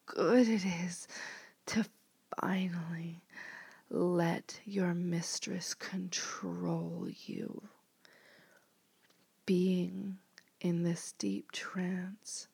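Breathy whispering woman, dominant role-play. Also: on the low side, dry recording. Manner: slow commanding hypnotic whisper. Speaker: dominant mistress hypnotist.

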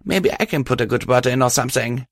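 A man's voice: medium pitch, animated, fast talker, no room sound, clean studio sound, voice pushed up. A man voicing an upbeat, encouraging mare. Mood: impressed.

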